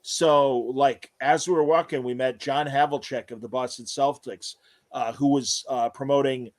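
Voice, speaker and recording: A man's voice: medium pitch, steady tone, moderate pace. A man hosting a casual interview podcast, telling long rambling anecdotes full of fillers. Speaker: podcast host.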